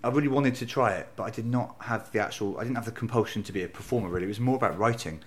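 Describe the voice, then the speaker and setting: A man's voice: medium pitch, rapid-fire, slight background noise. An English man from Bristol, a comedian, chatting in an interview in a bar, self-deprecating and storytelling. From England, Bristol. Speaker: comedian and novelist, interview guest. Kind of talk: casual interview chat.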